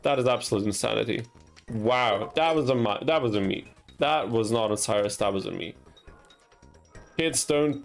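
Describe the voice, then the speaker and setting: A young Austrian gaming streamer chats casually with his chat while streaming a card game, laughing at himself and yelping at his mistakes. His mid-range voice is creaky and moves at normal speed. Soft music plays behind him.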